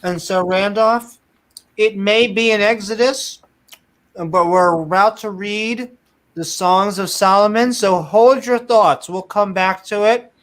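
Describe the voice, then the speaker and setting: A woman's voice: medium pitch, steady tone, slow. A woman co-hosting a casual skeptic Bible study stream, playful and upbeat, bringing guests in. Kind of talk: casual chat.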